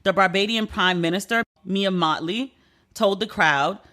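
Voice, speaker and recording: A woman's voice: mid-range voice, measured pace, bright, forceful tone. A woman hosting her own podcast, talking on her own in a candid, chatty way and swearing freely. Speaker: podcast host. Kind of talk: casual solo podcast chat.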